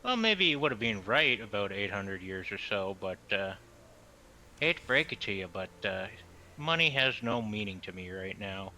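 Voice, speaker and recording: A man's voice: lowish voice, very animated, sharp tone, a little hiss or hum, voice pushed down, heavily acted, poor audio. A man doing a drawling Southern graveyard guardian. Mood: unimpressed. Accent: Southern US, put on. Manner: slow drawl, mouth full as if chewing. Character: ageless male graveyard guardian, dry and unbothered. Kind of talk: tabletop role-play in character.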